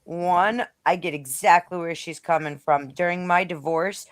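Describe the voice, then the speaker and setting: A woman's voice: fairly low pitch, a little slow. A woman speaking bluntly and swearing freely as a panelist in a casual political chat. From Rhode Island.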